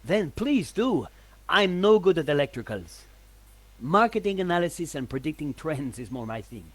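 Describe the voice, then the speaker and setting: A husky, weary stall owner. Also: male voice, on the high side, big pitch swings, moderate pace. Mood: polite. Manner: polite but reluctant, world-weary. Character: weary male stall owner nursing a headache.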